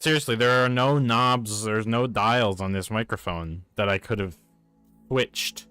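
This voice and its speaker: Smooth-voiced Newfoundland man streaming. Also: on the low side, unhurried, pushed and bright, no echo, soft background music. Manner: exasperated, arguing with chat about his mic. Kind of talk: casual live-stream chat.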